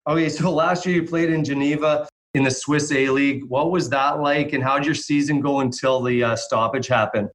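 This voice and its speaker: A man's voice: medium pitch, fairly even intonation, moderate pace, fairly bright tone. Easygoing male podcast co-host. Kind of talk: casual podcast interview.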